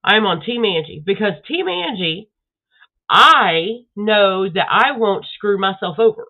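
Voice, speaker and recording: A woman's voice: medium pitch, expressive, measured pace. A woman from Southeast Texas with a Texan accent, ranting bluntly and swearing freely in a casual live stream. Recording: tinny phone-like audio.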